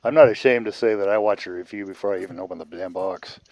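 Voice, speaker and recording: A man with a very deep voice chats easily and agrees along with the others. His voice sounds dry and close. Nothing echoes around him. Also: fast, darkish tone. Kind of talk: casual livestream chat.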